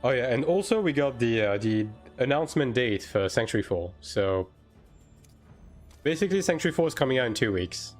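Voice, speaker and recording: A chatty male streamer talks loosely to his chat at a mid pitch, full of fillers and sudden quick bursts. Soft music runs faintly behind him. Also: expressive. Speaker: game streamer. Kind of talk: casual live-stream chat, answering chat.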